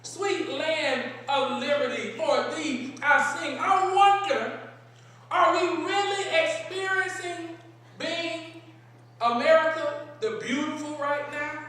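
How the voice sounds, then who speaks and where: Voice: high voice, steady tone, slow pace, sharp tone, heavy reverb. A preacher delivering a sermon in a large synagogue sanctuary, asking rhetorical questions and repeating key phrases, recorded from a distance.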